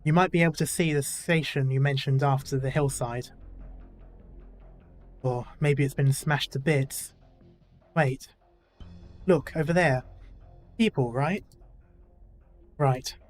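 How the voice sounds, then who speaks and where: A man's voice: medium pitch, slow pace, long pauses, soft background music. A male gaming YouTuber reading a game's story dialogue aloud in a casual way, with self-deprecating asides.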